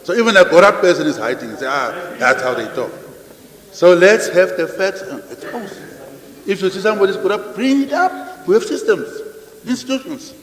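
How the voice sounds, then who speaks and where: A man's voice: sits high, expressive, a little fast. An older man answering parliament off the cuff, repeating phrases and putting questions to the room. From Namibia. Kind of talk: unscripted parliamentary address. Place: large parliament chamber. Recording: echoey chamber with long reverb.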